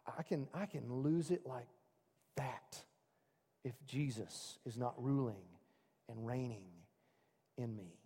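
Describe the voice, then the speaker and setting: A man preaching a sermon as pastor, swinging from loud excited calls to quiet, soft asides. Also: mid-range voice, takes it slowly, pauses often, husky. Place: church hall. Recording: long reverb of a large room.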